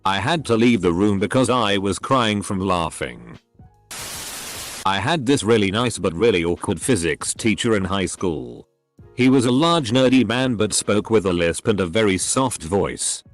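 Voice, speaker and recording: A man reading short stories aloud in a steady, scripted narration style. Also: fairly low pitch, normal speed, soft background music.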